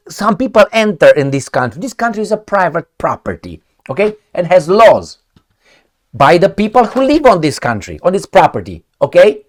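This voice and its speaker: Commentary host, male: indignant, sarcastic delivery with pitch swinging all over. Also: very animated, moderate pace. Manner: sarcastic, indignant, rhetorical questions. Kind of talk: heated political commentary.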